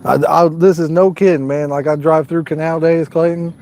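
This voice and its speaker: Folksy guy rambling on his fishing livestream, kinda high voice but mellow and dark. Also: steady tone, moderate pace. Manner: rambling, folksy, talks to chat viewers. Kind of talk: casual live-stream chat.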